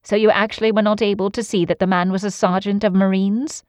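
A woman's voice: mid-range voice, flat delivery, fast, a little mellow, no echo, studio quality, close to an everyday voice. A woman voicing Sherlock Holmes, an aloof Victorian detective, in a cool, offhand, lecturing manner.

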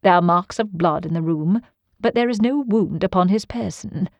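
In a dry recording, a woman reads a classic novel aloud as audiobook narration, scripted and delivered in a measured, even way. Her pitch is fairly low.

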